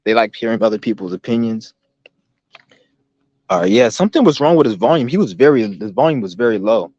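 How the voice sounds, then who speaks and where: A man's voice: medium pitch, lively intonation, fairly quick, darkish tone, dry recording, dull audio. A man hosting a livestream, ranting in a rambling, profane, combative way from his computer mic. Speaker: livestream host. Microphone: laptop or computer mic, no headphones.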